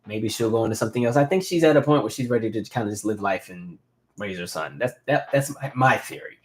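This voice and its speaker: A man in his thirties hosting a casual live stream, telling animated stories and reading viewer comments aloud. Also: lowish voice, quick pace. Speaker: host.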